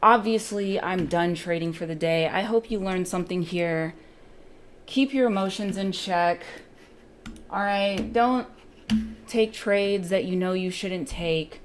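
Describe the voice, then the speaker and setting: A woman's voice: lowish voice, a little slow, a little hiss or hum. A woman day trader giving live commentary on her trades, swearing freely and muttering at the chart.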